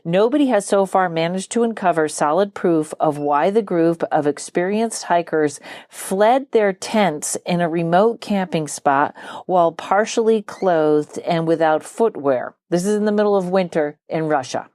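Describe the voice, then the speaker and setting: A chatty woman hosting a podcast, reading news pieces aloud and breaking off for quick jokes. Her voice sits a little low, recorded close and dry with no room sound. The delivery is loose and conversational. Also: darkish tone, no echo. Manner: chatty, laughs easily, reads with asides. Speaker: podcast host. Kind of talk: casual chat and reading articles aloud.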